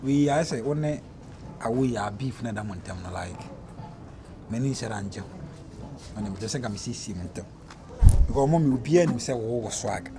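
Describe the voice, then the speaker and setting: A man plays a boastful young street guy who rambles on in Ghanaian Pidgin English. Steady noise runs under his voice throughout. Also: medium pitch, moderate pace, pauses often, lightly acted. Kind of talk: comedy drama acting.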